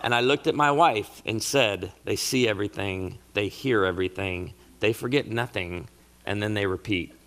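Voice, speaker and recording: A middle-aged man speaks to a marriage conference audience in a sermon-style talk, his voice bright and forward. He tells stories with lively comic timing. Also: fairly low pitch, moderate pace, a little hiss or hum. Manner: animated storyteller with comic asides.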